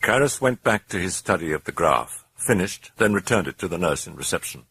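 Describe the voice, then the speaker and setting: A grave male narrator with a very deep, gravelly, husky voice and a lively, expressive pitch. He tells the story in a measured, ominous way, recorded close and dry. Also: dry recording. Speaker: audiobook narrator. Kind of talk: dramatic audiobook narration.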